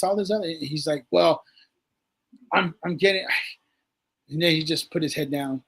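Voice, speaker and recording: A man's voice: a little high, moderate pace, pauses often, slightly rough. A man, a guest on a livestream talk show, telling a story casually and acting out what people said, swearing freely. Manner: animated storyteller, acts out quotes, swears freely.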